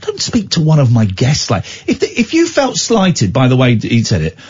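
A man's voice: medium pitch, normal speed, husky. A British man hosting a radio show, telling stories in casual on-air chat, exclaiming and mimicking the people he quotes. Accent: British English. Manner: animated storytelling, imitating others, exclaiming. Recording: dull lo-fi radio sound.

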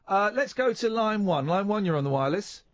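A man's voice: high-pitched, animated, brisk, dry recording. A man hosting a radio phone-in, chatting casually and jokily, often stammering and restarting. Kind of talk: casual chat.

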